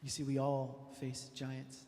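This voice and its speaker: A man preaching a sermon, moving from quiet, intimate passages up to loud, shouting climaxes. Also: mid-range voice, completely flat delivery, unhurried. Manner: builds from soft to shouting. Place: large church hall. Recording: long hall reverb.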